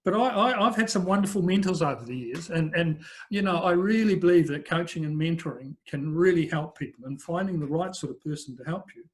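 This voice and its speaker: An older man, speaking as a business coach in a relaxed interview. His voice sits a bit higher than most men's, and he tells stories in a chatty, rambling way full of fillers. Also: a little fast, few pauses. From New Zealand. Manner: chatty anecdotal storyteller, frequent fillers. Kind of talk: conversational interview storytelling.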